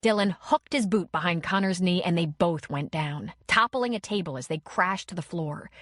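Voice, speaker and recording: A woman with a lowish voice narrates an audiobook in a measured, expressive storytelling style. The recording is dry, with clean studio sound.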